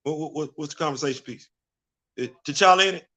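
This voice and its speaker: A man's voice: fairly high pitch, fairly quick, sharp tone. A man hosting his own vlog, giving casual opinion commentary full of emphatic repetition and rhetorical questions. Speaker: vlog host.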